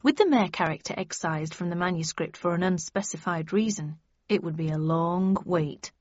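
A woman's voice: on the low side, normal speed, no echo. Woman narrating a novel, dry and dull. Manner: varies voices for each character. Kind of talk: audiobook narration.

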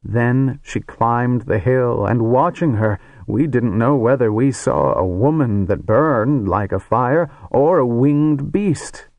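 A man voicing a grave male wizard who tells a story with solemn, hushed awe. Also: medium pitch, expressive, slow, hardly any pauses, no echo, pitched above the performer's own voice. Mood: awed.

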